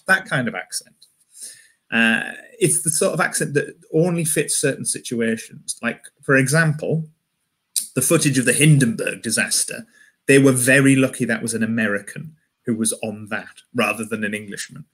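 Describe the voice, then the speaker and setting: A man's voice: medium pitch, normal speed, a bit bright, breathy edge. A man with a Yorkshire accent doing a wry stand-up comedy set from home, often restarting his phrases.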